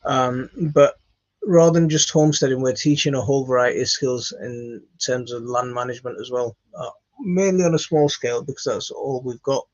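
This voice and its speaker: A man's voice: medium pitch, steady tone, normal speed, darkish tone, lo-fi sound. A tired man hosting a live stream, chatting casually and hesitantly with many ums and restarts while he answers viewer comments.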